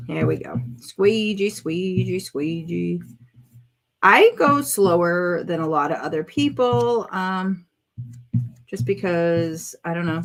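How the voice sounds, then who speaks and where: A woman vlogging at home as she does a craft project, chatting to viewers and exclaiming over colors as she works. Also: fairly low pitch. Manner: chatty, self-narrating while working, exclaims over colors. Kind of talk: casual crafting chat to viewers.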